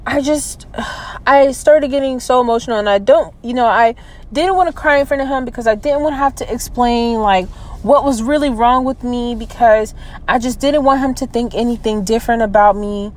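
A young woman in her twenties who talks through her feelings, stopping and restarting with lots of fillers. Her voice sits a little higher than most women's. She sounds down and emotional, as if close to tears. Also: brisk, darkish tone, low-quality recording. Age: 20s. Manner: hesitant, many fillers and trailing restarts. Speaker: vlogger. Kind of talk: personal venting vlog.

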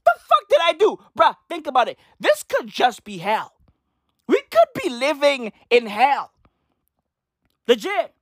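A young woman in a loud, profane comedic rant, emphatic and slangy, repeating her lines for effect. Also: sits high, huge pitch swings, a little slow, dry recording, clean studio sound. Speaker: comedic ranter.

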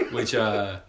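A man's voice: medium pitch, background noise. A young man in casual podcast banter, joking and swearing, acting out what others said. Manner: profane, jokey, acts out quotes. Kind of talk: casual group chat.

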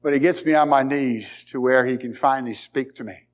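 A man's voice: mid-range voice, fairly quick. A man preaching a sermon as pastor, emphatic, repeating key words and asking the congregation rhetorical questions.

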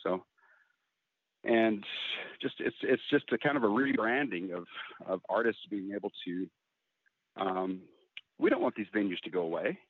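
A middle-aged man, a country singer interviewed as a guest, speaking openly and earnestly in a halting, candid way. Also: on the low side, slight background noise. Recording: tinny phone-like line, dry.

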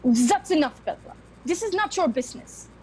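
A woman's voice: sits high, lively intonation, measured pace, darkish tone, slight background noise, rough recording. An actress playing a stern, bitter old grandmother who speaks in curt, hard sentences. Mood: sharp. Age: older. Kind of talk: film drama acting.

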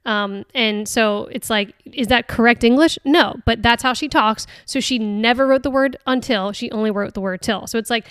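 A fairly high-voiced woman talks through a book on her podcast in a casual, earnest way. She stops and restarts often and leans on filler words. Her voice sounds smooth and close, with a dry, unechoing sound. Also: normal speed, hardly any pauses, no room sound. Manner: hesitant, many restarts and "like" fillers; earnest and chatty. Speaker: podcast host. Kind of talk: casual reflective talk on a book.

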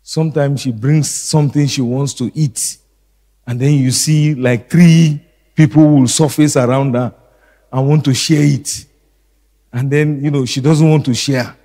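Slow, deliberate preaching man. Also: medium pitch, steady tone, warm tone, in a large hall. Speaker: pastor. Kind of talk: sermon.

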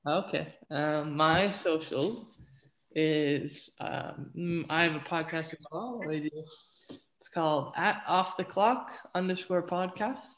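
A woman's voice: low voice, slow pace, low-quality recording. A woman guesting on a casual podcast chat, laid-back and a bit hesitant.

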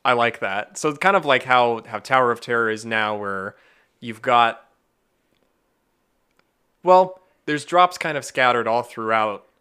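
A male podcast co-host riffs on ideas in relaxed chat, his voice bright and clear. He talks eagerly and fills his thoughts with likes and ums. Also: medium pitch, measured pace, pauses often. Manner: enthusiastic, full of filler words. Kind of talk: casual brainstorming chat.

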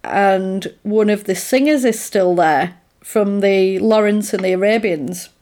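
A woman with a middle-pitched voice chats casually, walking a friend through a film scene by scene. She talks in an easy, chatty way and slips into the characters' lines as she goes. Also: a little slow, darkish tone. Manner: chatty, retells scenes with acted-out quotes and laughs. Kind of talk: casual chat recapping a film.

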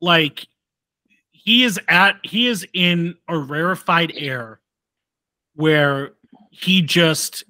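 A man's voice: fairly high pitch, drawn-out words, pauses often, pushed and bright, no echo. A man co-hosting a casual sports podcast who tells jokey bits and curses now and then. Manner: joking, storytelling, swears. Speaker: podcast co-host.

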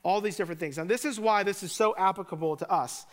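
A man's voice: high voice, quick pace. A man preaching a sermon, retelling scripture in a casual, joking way with conversational asides. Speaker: pastor.

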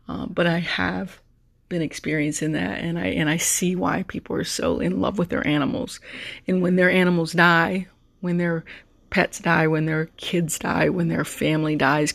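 A podcast host in a heartfelt solo monologue, speaking with a gravelly, fry-edged voice at a middle pitch. The talk is emotional and personal. Words are often repeated and restarted. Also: little pitch movement, normal speed, fairly bright tone. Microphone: podcast mic.

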